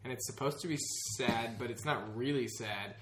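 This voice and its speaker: A man chatting casually as a podcast co-host. He teases his friends and tells stories with lively energy. His voice sounds mid-pitched and carries a noticeable room echo. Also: moderate pace, slight background noise. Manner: teasing, animated storyteller. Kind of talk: casual chat.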